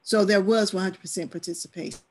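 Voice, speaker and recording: A woman's voice: medium pitch, steady tone, fast talker, a little mellow, husky. A woman who leads church stewardship, talking earnestly and emphatically in a church discussion class.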